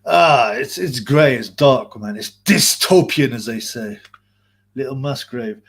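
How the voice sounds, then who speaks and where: Male streamer, husky voice, mid pitch, loose sweary rambling commentary. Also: lively intonation, a little slow. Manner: rambling, profane, restarts sentences often. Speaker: boxing channel host. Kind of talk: casual live-stream rant.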